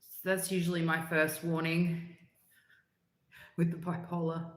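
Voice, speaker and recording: A woman's voice: lowish voice, little pitch movement, a little slow. A middle-aged woman, chatting casually on a livestream in a rambling way, laughing often and dropping slang. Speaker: livestream host. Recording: roomy echo.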